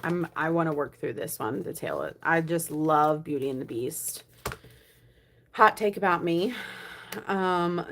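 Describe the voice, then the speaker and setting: A young woman vlogging a savings challenge, chatting casually and counting money aloud, often dropping to a soft murmur. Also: low voice. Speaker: budgeting vlogger.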